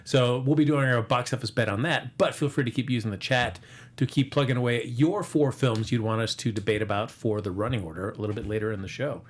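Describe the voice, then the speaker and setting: A man's voice: mid-range voice, fast, slight background noise. A man hosting a casual box office chat, rambling through the figures with lots of fillers and jokes. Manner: rambling, filler-heavy, joking. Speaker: host.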